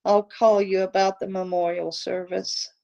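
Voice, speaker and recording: A woman voicing a grieving widow who speaks gently and gratefully. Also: mid-range voice, flat delivery, measured pace, vocal fry.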